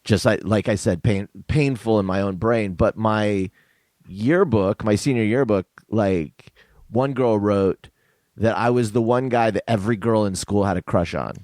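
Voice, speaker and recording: A man co-hosting a podcast in casual chat, rambling and halting as he makes his point. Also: fairly low pitch, a little mellow, no room sound.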